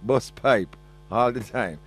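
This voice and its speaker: A man's voice: medium pitch, slow pace, husky, faint music behind. A man with a Jamaican accent hosting a call-in radio show, chatting and joking as he reads listener messages, slipping between patois and English. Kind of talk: casual radio chat reading listener messages.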